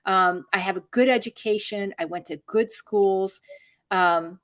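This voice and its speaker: A woman's voice: medium pitch, measured pace, a bit bright. Earnest, rambling middle-aged woman host. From Michigan, USA. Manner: earnest, rambling, with many fillers and restarts. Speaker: podcast host. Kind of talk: casual political podcast chat.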